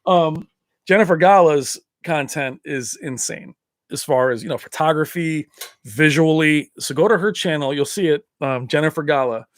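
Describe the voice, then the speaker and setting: A man's voice: a little high, moderate pace, dry recording. A man hosting a casual livestream chat, rambling from point to point and laughing often. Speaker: livestream host.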